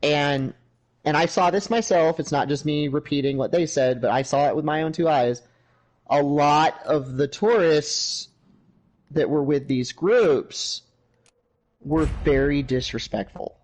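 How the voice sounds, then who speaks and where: A man's voice: on the high side, measured pace. A man telling a long travel story in a casual chat, acting out the voices of the people in it. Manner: animated storyteller, acts out quoted voices. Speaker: livestream co-host. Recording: noisy gameplay audio behind. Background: gunfire from a video game.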